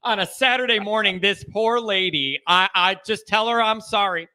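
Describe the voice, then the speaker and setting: A man hosting a call-in sports talk show, animated, joking and opinionated with callers. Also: sits high, moderate pace, clean tone. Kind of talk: casual call-in chat.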